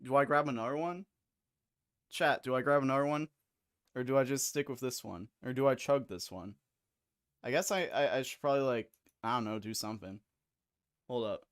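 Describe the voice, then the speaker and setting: A man's voice: mid-range voice, clean tone, no echo, studio quality. Rambling, crude young male streamer. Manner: rambling, crude and slangy, quick asides. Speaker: streamer host. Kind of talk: casual live-stream chat.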